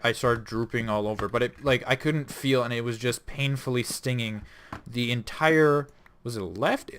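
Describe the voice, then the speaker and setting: A man's voice: mid-range voice, a bit bright. A young man hosting a gaming channel, telling a rambling personal story with lots of swearing and self-corrections. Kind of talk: casual storytelling over gameplay.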